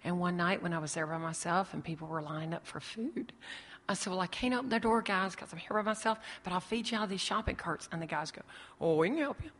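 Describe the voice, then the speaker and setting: A woman's voice: on the low side, fast talker, fairly bright tone. A woman telling her ministry story to an audience, acting out the voices in her dialogue. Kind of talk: testimony talk to an audience. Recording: long hall reverb.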